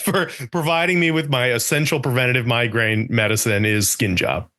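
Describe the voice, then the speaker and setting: A young man co-hosting a podcast in casual chat, joking and laughing often and acting out quoted lines in a higher voice. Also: normal speed, bright, forceful tone. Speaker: podcast co-host.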